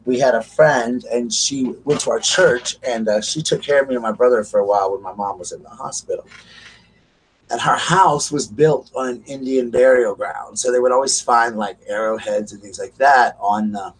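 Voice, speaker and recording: A man from South Carolina with a Southern US accent hosts a live call-in show, rambling through a story with plenty of fillers in casual chat. His husky voice sits in the mid range at a moderate pace. It's picked up by a distant mic with faint background noise.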